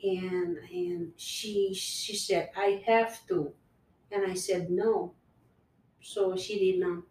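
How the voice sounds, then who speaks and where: Slow-spoken earnest woman in an echoey room. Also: medium pitch, fairly even intonation, a little mellow, distant mic, a little hiss or hum. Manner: earnest, repetitive, restarts phrases. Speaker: guest sharing personal story. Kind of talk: casual conversation. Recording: echoey room, voice set back from the mic.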